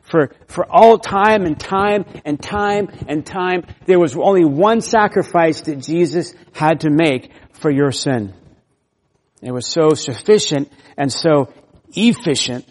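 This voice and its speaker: Male preacher, slightly high voice, emphatic Bible teaching, long hall echo. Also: slow. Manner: emphatic, leans hard on key words. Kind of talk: expository sermon.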